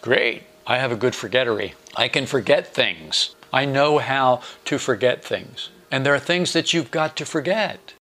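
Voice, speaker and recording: Middle-aged man, gravelly voice, informal sermon, folksy, wry, sarcastic asides. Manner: animated, with quick jumps in pitch. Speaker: preacher.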